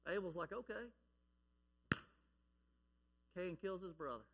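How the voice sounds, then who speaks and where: A man preaching a sermon in an emphatic delivery that swings between hushed, quiet lines and loud, forceful ones. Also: high voice, animated, a little slow, in a large hall, lo-fi sound, background noise. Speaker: pastor.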